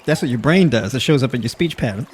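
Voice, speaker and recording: A man's voice: medium pitch, lively intonation, fast, a little mellow, a little hiss or hum. A man hosting a casual livestream, talking to his viewers, laughing often and using plenty of filler words. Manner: addresses audience with y'all. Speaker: livestream host. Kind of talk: casual livestream talk to the chat.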